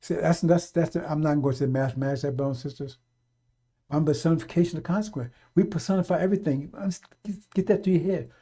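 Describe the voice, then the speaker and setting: A man preaching on a live radio stream, urgent and repetitive, blunt and profane, calling out to brothers and sisters and swinging from loud exhortation to low muttering. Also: fast.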